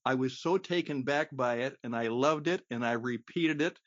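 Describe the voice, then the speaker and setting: A man hosting a casual radio conversation, often chuckling and pausing on fillers, heard on a slightly muffled radio recording. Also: mid-range voice, dry recording. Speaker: radio host.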